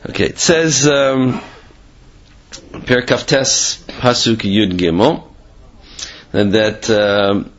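A man's voice: lowish voice, fairly even intonation, slow pace, pauses often, highs cut off. A man teaching a Torah class in a rambling, conversational way, full of fillers and restarts. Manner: rambling, conversational, with many fillers and Hebrew terms. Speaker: religious teacher.

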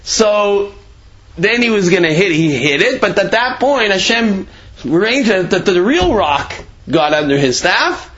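Lively Torah teacher, man, lo-fi sound. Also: sits high, measured pace. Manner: animated, acts out quoted speech with shifting voice; conversational, many "you know" asides and restarts. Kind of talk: Torah class explaining Rashi's commentary.

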